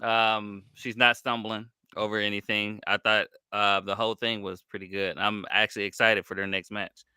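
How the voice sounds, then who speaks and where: Bright smooth-voiced chuckling man. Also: fairly low pitch, little pitch movement, normal speed, hardly any pauses, dry recording. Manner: easygoing, chuckling. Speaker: podcast co-host. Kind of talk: casual wrestling chat.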